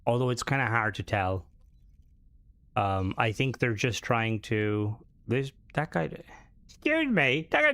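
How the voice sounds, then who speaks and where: Streaming gameplay live, this young man with an Americanized Irish accent rambles casually to his viewers and swears a lot. He speaks at medium pitch with a fairly bright tone, and there is no echo.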